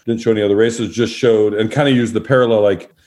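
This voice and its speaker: A middle-aged man with a fairly low voice tells long, relaxed stories as a guest on a talk show. He slips into quoted voices of the people in his anecdotes. His pacing is easygoing and conversational. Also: fast. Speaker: guest, former sports broadcaster. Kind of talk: storytelling in a podcast interview.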